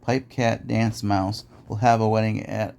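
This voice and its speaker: Low, gravelly man reading rhymes. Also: flat delivery, measured pace, a little mellow. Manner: rhythmic sing-song reading. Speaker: podcast host. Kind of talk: reading nursery rhymes aloud.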